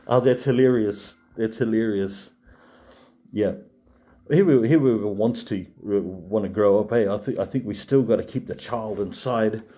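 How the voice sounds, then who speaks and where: A rambling man in his late forties chats to his live stream viewers, his voice sitting low and sounding warm and relaxed. He wanders through his sentences, full of ums and restarts. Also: measured pace. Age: 40s. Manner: rambling, chatty, many fillers and restarts.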